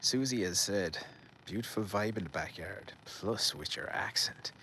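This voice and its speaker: A man's voice: on the low side, expressive, moderate pace, sharp tone, a little hiss or hum. An Irish man live-streaming from a garden outdoors, rambling and joking as he reads out viewer comments. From Ireland. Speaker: livestream host. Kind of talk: casual live-stream chat.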